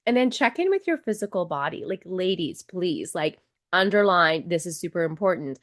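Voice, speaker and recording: A woman in her twenties or thirties, a coach and nurse being interviewed on a podcast. She talks in an animated, casual way, acts out people's inner voices and swears freely. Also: lowish voice, moderate pace.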